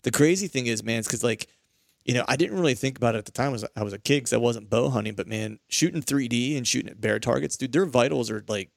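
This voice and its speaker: A man with a gravelly, fry-heavy voice, chatting in a laid-back, slangy way. His sound is dry and close. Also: medium pitch, quick pace, dry recording. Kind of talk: casual chat.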